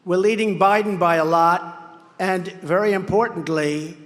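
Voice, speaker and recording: The voice is a man's, pitched high, unhurried and fairly bright. As a political candidate at a large campaign rally, he gives a rambling, self-praising speech at a podium microphone and mocks rivals by acting out their words. Long reverb from the large venue colors the sound.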